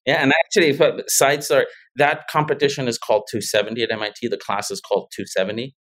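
A man's voice: mid-range voice, level tone, fast, fairly bright tone. A middle-aged man telling stories as a guest in a casual interview, full of restarts and little laughs. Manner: rambling storyteller, many restarts and laughs. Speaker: guest, tech founder.

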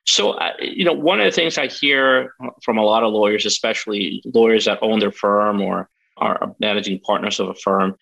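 Bright-voiced male interview host. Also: fairly low pitch, normal speed, gravelly, highs cut off. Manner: encouraging, asks long framed questions. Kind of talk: interview conversation.

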